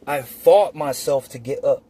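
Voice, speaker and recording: A man telling a personal story casually, outdoors on his phone, animated and profane, acting out the scenes as he goes. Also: mid-range voice, measured pace. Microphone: phone or camera.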